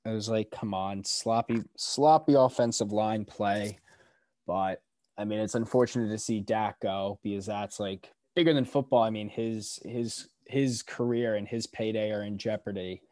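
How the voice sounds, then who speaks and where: A man's voice: on the low side, fairly even intonation, normal speed, darkish tone, no room sound, clean studio sound. A man co-hosting a casual sports podcast, giving laid-back, shrugging replies. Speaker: podcast co-host.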